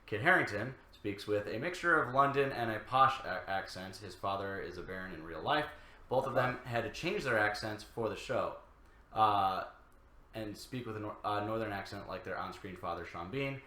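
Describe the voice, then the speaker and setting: A man co-hosting a reaction show, reading viewer comments aloud with halting fillers. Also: fairly low pitch, expressive, sharp tone, roomy sound.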